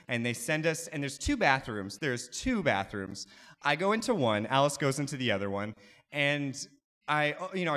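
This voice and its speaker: Bright-voiced man telling a story on stage. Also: medium pitch. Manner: conversational and wry, with frequent "you know" fillers. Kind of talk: live personal storytelling to an audience. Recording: long hall reverb.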